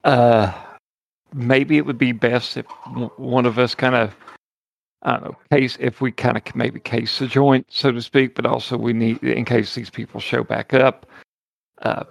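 A man playing a tabletop game talks in a loose, rambling, joking way. His voice has a gravelly edge. The sound is very dry and close. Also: mid-range voice, little pitch movement, unhurried, dry recording. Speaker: player.

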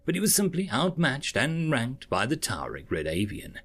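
Man narrating a sci-fi tale, gravelly voice, lots of lilt. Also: medium pitch. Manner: expressive, measured narration. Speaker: storyteller. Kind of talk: reading a sci-fi story aloud.

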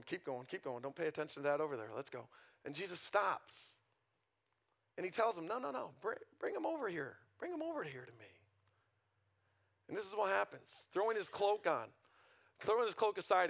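A man's voice: extremely high pitch, bright, forceful tone. A male pastor preaching a conversational sermon in a church, often asking the congregation rhetorical questions.

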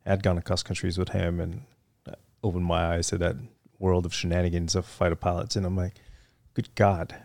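A relaxed, middle-aged interview guest with a Vietnamese accent, once a Marine fighter weapons officer, tells a rambling story at a brisk clip, peppered with "you know." His very low voice carries a gravelly fry, and the recording is close and dry with no echo.

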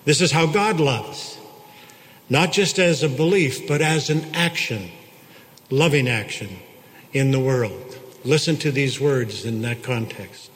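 A man preaching a sermon, slow and reflective, with long pauses between phrases. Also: medium pitch. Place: church. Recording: long church reverb.

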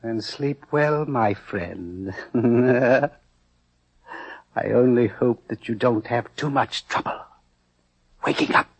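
An actor playing a sly, sinister schoolmaster who speaks in a mocking, formal manner, in 1940s radio acting. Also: male voice, mid-range voice, slow pace, long pauses. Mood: menacing. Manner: smooth, mocking, chuckling, formal wording. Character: sly, sinister male schoolmaster, scheming villain.

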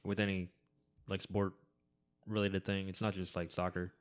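A man's voice: sits low, level tone, moderate pace, smooth. A man chatting casually on a podcast, dropping short, blunt, dry remarks. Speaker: podcast co-host. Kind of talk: casual chat.

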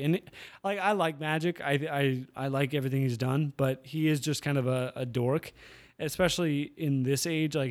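A man with a medium-pitched, slightly mellow voice hosts a casual solo podcast. He rambles as he tells stories and often stops to correct himself.

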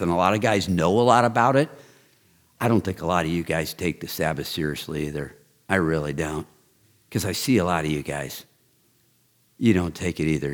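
A man in his sixties giving an earnest, direct ministry talk, building to excited, emphatic storytelling. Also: sits low. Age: 60s. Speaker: men's ministry leader. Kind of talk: personal testimony talk.

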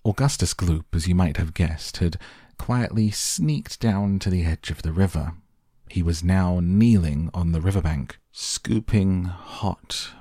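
Brief: male audiobook narrator, very low and husky, expressive storytelling, dry studio sound. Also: dry recording.

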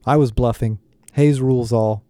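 An eager teenage fanboy in an audiobook, read by a male narrator. The voice stays close to his own mellow tone, recorded dry. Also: mid-range voice, steady tone, moderate pace, no room sound, close to an everyday voice.

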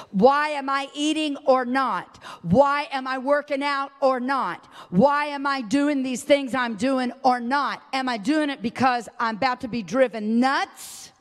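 A woman preaching a sermon, moving from quiet talk to shouted, emphatic prayer. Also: fairly high pitch, long reverb tail. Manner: emphatic, repetitive.

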